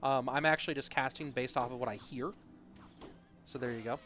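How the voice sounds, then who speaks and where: Casting an esports tournament live, this man has a mid-range, slightly bright voice with a steady tone and a fairly quick pace, over slight background noise. He keeps things casual between matches, fielding chat questions with frequent ums and uhs.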